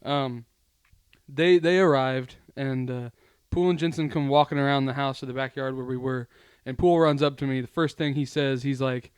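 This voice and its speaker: A man's voice: mid-range voice, fairly even intonation, moderate pace, smooth, no room sound. A young man co-hosting a podcast, telling a story in casual chat and laughing often. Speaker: podcast co-host.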